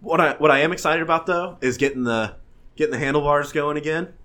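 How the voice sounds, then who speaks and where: A man chatting casually with friends, telling stories in an animated way and laughing often. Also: fairly high pitch, fast talker. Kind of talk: casual chat among friends.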